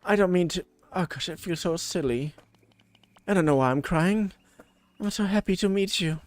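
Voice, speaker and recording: A man voicing an emotional young woman in a game, halting and gentle. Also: fairly high pitch, lively intonation, no room sound, voice pushed up. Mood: tearful.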